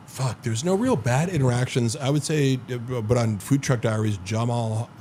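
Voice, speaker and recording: A man's voice: mid-range voice, normal speed, mellow, slight background noise. A man on a podcast telling long rambling stories in casual chat, full of 'like' and swearing. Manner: rambling storyteller, heavy filler 'like', profane. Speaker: podcast host.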